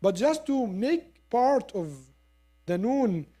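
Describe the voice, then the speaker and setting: A woman's voice: a little high, expressive, dark tone. Woman teaching Quran recitation. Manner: models recitation sounds and repeats them slowly; explains step by step, asks listeners to agree. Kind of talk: classroom lesson.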